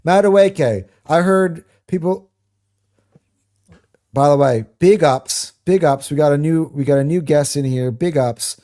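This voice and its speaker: Guy hosting a fan chat show, kinda high voice but dark mellow tone, excitable, swears a lot, rambly. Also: measured pace. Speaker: host of a football fan reaction show. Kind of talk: casual chat.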